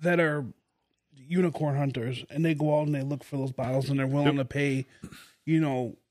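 A man co-hosting a relaxed podcast chat, leaning hard into his points and swearing often. His voice sits a little high for a man and sounds close and dry, with no room sound. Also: a little fast, no echo. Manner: emphatic, swears freely. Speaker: podcast host. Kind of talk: casual chat among friends.

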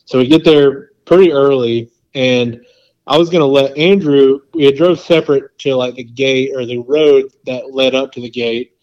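A podcast guest is deep into a long, rambling story, full of "like" and quoted back-and-forth. His voice is an ordinary middle pitch, a little mellow, at a moderate pace, and the recording sounds slightly dull and lo-fi.

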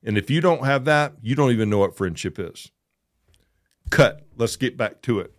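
A man's voice: medium pitch, lively intonation, moderate pace. A man co-hosting a casual talk show, speaking emphatically and repeating phrases to drive points home. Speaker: podcast co-host. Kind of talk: casual chat.

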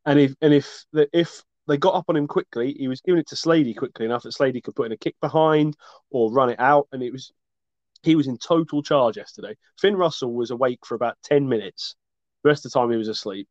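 A man's voice: mid-range voice, fast, darkish tone, dry recording. A man co-hosting a casual sports chat, talking with passion and swearing freely. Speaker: podcast co-host. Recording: dull lo-fi dry recording.

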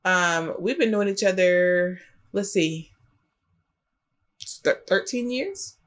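A woman, co-hosting a podcast in lively, chatty talk. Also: lowish voice, slow pace. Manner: lively, chatty, animated storytelling. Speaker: podcast co-host. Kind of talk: casual chat.

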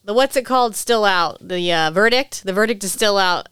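A woman's voice: medium pitch, normal speed, fairly bright tone, smooth, no room sound. A woman co-hosting a podcast in casual political chat, opinionated and sarcastic, often trailing off and restarting. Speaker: podcast co-host.

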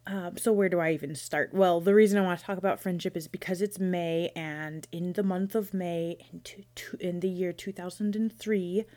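A woman in her thirties talks through her own podcast in a relaxed, chatty way. Her voice sits a little low, and she rambles playfully, restarting her sentences as she goes. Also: moderate pace, few pauses. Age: 30s. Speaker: podcast host. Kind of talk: casual solo podcast chat.

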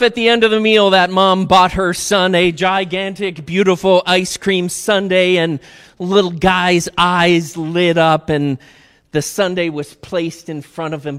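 A pastor with a high-pitched, fairly bright, clean voice delivers a sermon, telling stories to his congregation in a chatty, upbeat manner. He speaks to them directly, and the church sanctuary gives his voice a long, hall-like reverb.

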